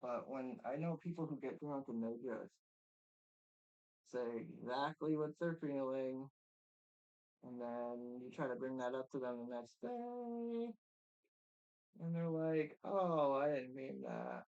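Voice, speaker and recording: A man chats casually on a live stream, reacting to a video. He talks at a slow, unhurried pace and rambles, with plenty of fillers and restarts. His pitch sits in an ordinary middle range. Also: dark tone, highs cut off.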